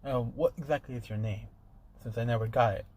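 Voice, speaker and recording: A man's voice: mid-range voice, fairly even intonation, a little fast, darkish tone, natural voice. A man voicing a stern, caring adult male hero who questions a boy in a formal manner. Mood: questioning.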